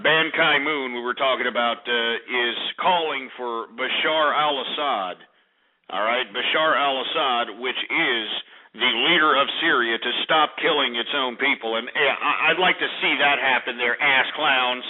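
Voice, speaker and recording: A man hosting a call-in radio show, combative and insulting, swinging between yelling and sighing apologies. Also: medium pitch, moderate pace. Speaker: radio talk show host. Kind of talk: ranting call-in radio talk. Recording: narrow phone-like radio audio.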